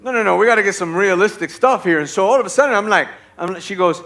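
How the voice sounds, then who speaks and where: A man preaching a sermon as a lively story, acting out voices and checking in with the audience. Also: high-pitched, fast talker. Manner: animated, acts out voices in his stories.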